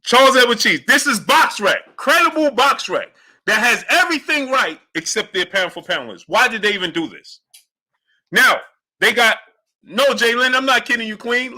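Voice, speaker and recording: Male livestream boxing host, high lively voice with a very bright edge, hypes the chat. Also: normal speed. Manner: animated, hypes the audience, shouts out chat names. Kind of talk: livestream commentary reading chat.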